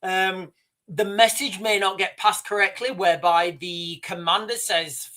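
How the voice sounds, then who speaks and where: A man's voice: high voice, fairly even intonation, unhurried, pushed and bright. A man hosting a livestream, talking viewers through speculative scenarios in a rambling, casual way. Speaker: livestream host.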